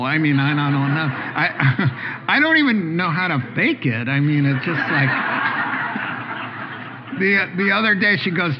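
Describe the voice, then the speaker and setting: A middle-aged male pastor preaching with a joking, storytelling manner, his voice leaping upward when he gets going. His voice sits a little high for a man. The recording is dull and carries a faint hiss. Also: a little slow. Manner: animated, joking storyteller who rises sharply in pitch. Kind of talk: sermon.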